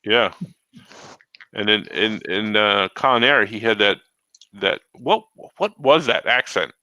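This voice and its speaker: A man talking casually with a bright, forceful voice that sounds dry and close. His delivery is eager and animated. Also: on the low side, slow pace, no echo, low-quality recording. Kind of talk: casual chat.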